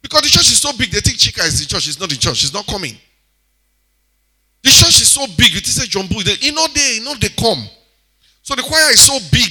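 A man with a Nigerian accent preaching a sermon in a very bright, slightly high voice. He is animated, breaking into loud exclamations and then dropping to quiet asides. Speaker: church speaker exhorting congregation.

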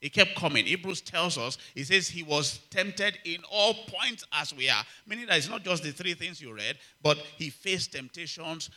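A man preaching a sermon, emphatic and repetitive, calling out to the congregation and swinging from loud exclamations to quiet asides. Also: fairly high pitch, expressive, normal speed, hardly any pauses. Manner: emphatic, repeats key phrases, asks the congregation for response. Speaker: pastor.

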